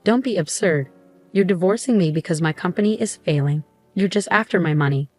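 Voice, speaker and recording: A bitter, desperate husband accuses and pleads, read out by a woman narrator. The delivery is low-pitched. Soft music runs behind. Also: brisk, natural voice.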